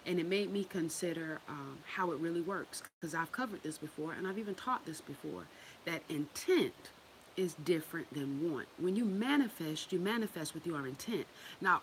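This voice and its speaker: A woman's voice: fairly low pitch, lively intonation, normal speed, rough recording. Woman doing a chill spiritual talk, cusses, laughs a lot, says stuff over and over, bit of hiss. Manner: loose and profane, laughs often, repeats phrases for emphasis. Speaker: spiritual teacher. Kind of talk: casual spiritual talk to viewers.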